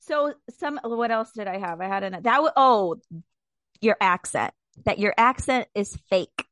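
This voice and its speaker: A woman's voice: mid-range voice, expressive, a little slow, a bit bright, no room sound. Outspoken woman from Indiana, dry close sound. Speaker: podcast co-host. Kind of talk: casual chat.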